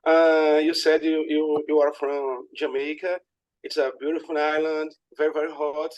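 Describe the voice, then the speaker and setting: A man, a student on a casual video call, speaking in a halting, careful way. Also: fairly high pitch, flat delivery, muffled recording.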